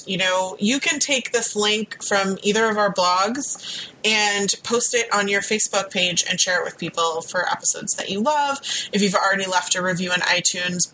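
Bright, chatty woman podcast host. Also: mid-range voice, slight background noise, low-quality recording. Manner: upbeat, chatty. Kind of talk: casual chat.

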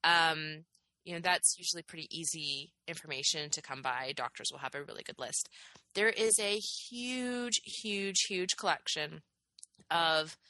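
A woman's voice: sits low, measured pace, bright, forceful tone, no room sound, rough recording. A woman co-hosting a casual health podcast, explaining research with frequent fillers. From Canada. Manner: explanatory, science-minded, many "um"s and "you know"s. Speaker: podcast co-host.

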